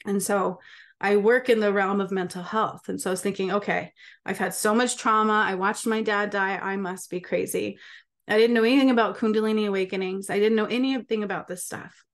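A woman's voice: mid-range voice, fairly even intonation, fairly quick. A woman speaking casually and emphatically to camera as a spiritual healer, often checking in with her listeners. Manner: emphatic, with frequent rhetorical check-ins. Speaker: spiritual healer and channel host.

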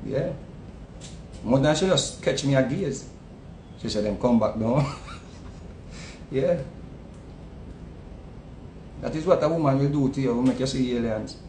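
A man with a Jamaican accent giving a casual, animated commentary, often repeating words and swinging between loud outbursts and low asides. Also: a little slow, long pauses. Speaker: online commentator. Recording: echoey room with faint rumble.

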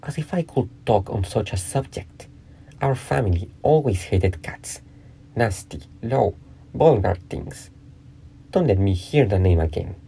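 A man reading aloud, voicing a small male mouse who is touchy and indignant, in a shrill, passionate voice. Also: animated, unhurried, creaky, mellow, husky, full character voice. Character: touchy little male mouse, easily offended.

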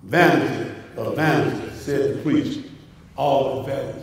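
A man's voice: medium pitch, moderate pace, slight background noise. A man preaching a sermon to his congregation, addressing them directly with rising bursts. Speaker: pastor. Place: church sanctuary. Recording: echoey church from a distant mic.

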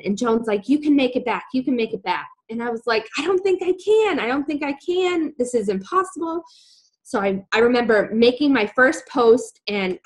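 A young woman casually telling a personal story, animated, acting out her own past words. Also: mid-range voice, rough recording.

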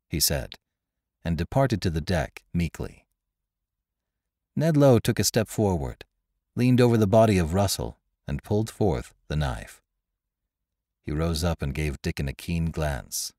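A man narrating an adventure story aloud in a dramatic, expressive first-person telling. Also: very deep voice, moderate pace, dry recording, studio quality. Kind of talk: scripted audiobook narration.

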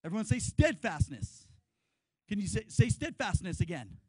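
A male pastor preaches in a lively way, telling stories and getting the congregation to repeat words back. His voice is unusually high for a man, and the sound is close and dry. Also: moderate pace, breathy edge, no room sound, rough recording. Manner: lively storyteller, leads the congregation in call-and-response. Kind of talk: sermon.

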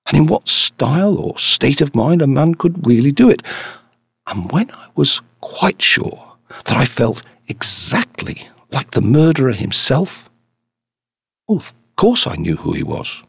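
A man reading the part of a quiet, patient, shrewd elderly priest in an audiobook, subdued in manner. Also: mid-range voice, huge pitch swings, a little slow, vocal fry, breathy edge, dry recording, in a large hall, voice pushed up, heavily acted. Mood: grave.

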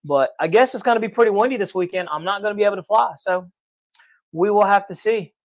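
A man's voice: sits high, fast, no room sound. A man co-hosting a casual live podcast, upbeat and chatty, greeting viewers by name and laughing easily. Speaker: podcast co-host.

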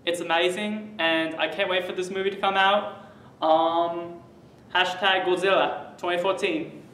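A man's voice: sits high, fairly even intonation, pushed and bright, roomy sound, far from the mic. A young man faking a muddled British-Australian accent. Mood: boastful. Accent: fake British-Australian mix. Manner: listing facts with many ums and pauses, boastful.

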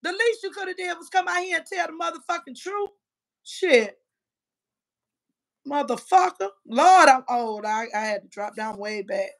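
A woman in her fifties with a high-pitched voice, ranting on a livestream. She trash-talks in a combative, profane way, swinging between loud outbursts and muttered asides. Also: expressive, normal speed, creaky. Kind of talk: heated livestream rant.

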